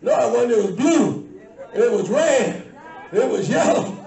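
A woman preaching a sermon to a congregation, shifting between low asides and loud shouting. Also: expressive, normal speed, recorded from a distance, some chatter behind. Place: church sanctuary. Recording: echoey church, mic from afar. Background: faint congregation.

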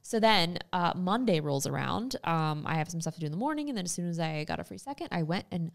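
A woman's voice: on the low side, quick pace, vocal fry. A young woman co-hosting a podcast, telling a story in casual chat and acting out what people said. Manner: animated storyteller, acts out quotes. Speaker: podcast co-host.

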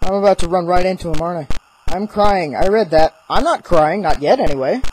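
A let's play gamer giving horror game commentary, talking back to the game and reading its text aloud, jittery and quick to break into frightened yelling. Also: medium pitch, lively intonation, slight background noise, rough recording. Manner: reads on-screen text aloud.

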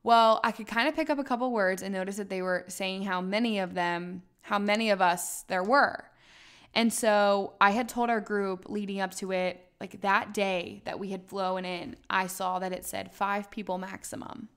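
Animated woman telling a story. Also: medium pitch, moderate pace, smooth. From United States. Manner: animated, dramatic retelling with many fillers. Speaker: podcast host. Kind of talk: casual storytelling.

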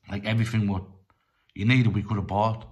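A middle-aged man telling a personal story in a rambling, halting way, full of restarts and fillers. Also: fairly low pitch. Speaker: storyteller vlogger.

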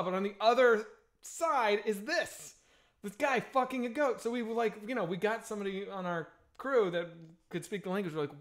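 A man co-hosting a casual streamed podcast, telling a long story in an animated way, full of fillers and swearing. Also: high voice, brisk. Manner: animated, lots of fillers and laughs, swears freely. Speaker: podcast co-host.

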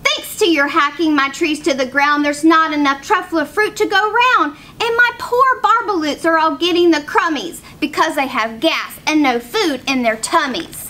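A woman voicing a small grumpy male forest creature who scolds in a high, snappish voice for a storybook read-aloud. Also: moderate pace, few pauses, bright, forceful tone. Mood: scolding.

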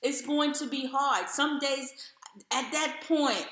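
A woman speaks to camera about her own experience, earnest and encouraging, leaning on repetition to drive her point home. She talks slowly in a bright, slightly high voice. The room around her rings with echo. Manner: earnest and encouraging, repeats phrases for emphasis. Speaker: vlogger telling her own story. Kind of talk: personal storytelling to camera.

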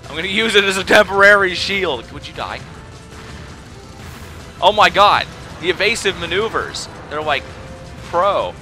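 Excitable young gamer, bright lively voice. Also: male voice, high-pitched. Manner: excitable, exclaiming and panicking. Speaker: let's play gamer. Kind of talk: casual gameplay commentary.

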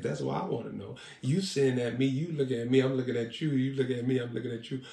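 A man's voice: mid-range voice, fairly quick, vocal fry, dark tone. A man preaching on a broadcast who jokes, teases his listeners and laughs often. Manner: playful, laughs often, teasing the audience. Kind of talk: joking live-stream preaching. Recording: echoey room, distant mic.

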